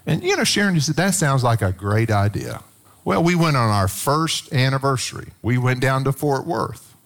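A man's voice: medium pitch, normal speed. A middle-aged man preaching a sermon, telling stories and acting out quoted lines. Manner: animated storytelling, acts out quotes. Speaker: pastor.

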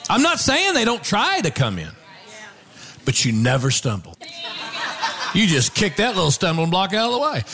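A man preaching a sermon to a congregation, animated and storytelling, joking with the crowd. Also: high-pitched. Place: church before a congregation.

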